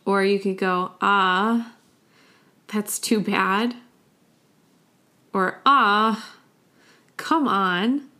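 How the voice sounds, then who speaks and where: A woman's voice: medium pitch, extremely slow, pauses often, fairly bright tone. A young woman hosting a casual solo podcast, playfully acting out little sounds and laughing often. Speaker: podcast host.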